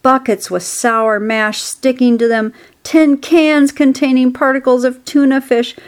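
A woman's voice: sits high, fairly even intonation, a little slow, clear, resonant tone. A woman voicing a wise old sheep in a storybook reading, relishing and persuasive.

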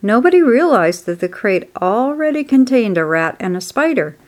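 A woman narrating a children's storybook aloud in a steady, expressive way. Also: on the high side, normal speed.

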